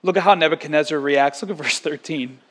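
High-voiced animated male preacher. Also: quick pace, a little hiss or hum. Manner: animated, acts out quotes and stories. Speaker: pastor. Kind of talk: sermon.

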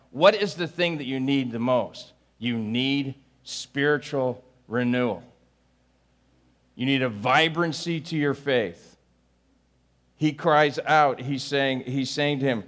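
A man preaching a sermon, rising to near-shouted pleas and dropping to a low, quiet voice. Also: takes it slowly. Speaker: pastor.

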